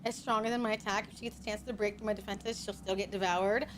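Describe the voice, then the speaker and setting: A woman's voice: mid-range voice, steady tone, fast, background noise. A woman streaming a game, chatting with viewers in a flirty, teasing, playfully menacing way. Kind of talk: casual game-streaming chat.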